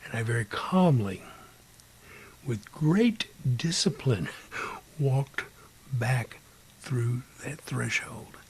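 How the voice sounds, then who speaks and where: A man telling his own ghost story in an unhurried way, sometimes dropping to a whisper and imitating beeping sounds. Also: medium pitch, expressive, breathy edge. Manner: drops to a hushed whisper at times. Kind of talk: personal ghost story told aloud.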